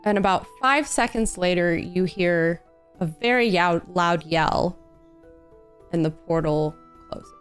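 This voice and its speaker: A woman narrating a tabletop game as dungeon master, in measured storytelling. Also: lowish voice, faint music behind.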